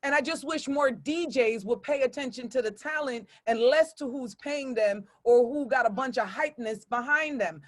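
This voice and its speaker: A woman's voice: sits high, normal speed, few pauses. A woman hosting a podcast interview, chatty and blunt. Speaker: radio host. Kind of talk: casual interview chat.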